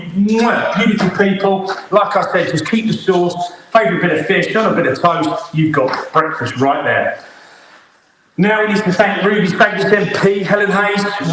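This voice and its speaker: A man's voice: sits high, a bit bright. A middle-aged man hosting a live online cookalong as a chef, chatty and upbeat as he talks while cooking in his home kitchen. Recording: very echoey room, faint noise.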